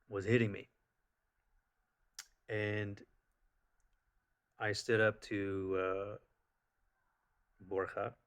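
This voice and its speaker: A man's voice: on the low side, a bit bright. A man telling a personal story in a casual, rambling way, full of fillers and restarts. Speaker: vlogger.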